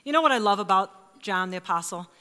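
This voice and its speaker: Woman in her 50s preaching, bright forceful voice, big echoey church. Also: medium pitch, brisk, smooth. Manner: expressive, emphatic, dropping to hushed asides. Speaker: pastor. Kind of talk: sermon. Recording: reverberant church hall.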